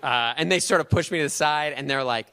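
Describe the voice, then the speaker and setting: A man's voice: a little high, brisk, bright, forceful tone, clean tone. A man telling a funny personal story on a live stage, chatty and self-mocking, laughing at his own tale. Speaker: storyteller and event host. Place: live stage in front of an audience.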